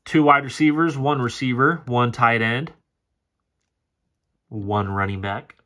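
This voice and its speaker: A man's voice: medium pitch, steady tone, slow pace, sharp tone. A man casually breaking down football game film, frustrated and sarcastic and swearing often. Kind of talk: casual play-by-play film commentary.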